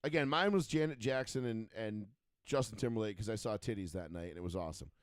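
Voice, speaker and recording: A man's voice: lowish voice, fast, no echo, studio quality. A man in his thirties co-hosting a call-in sports chat show, telling rambling stories full of fillers and swearing. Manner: profane, rambling storyteller with many fillers. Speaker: radio show co-host.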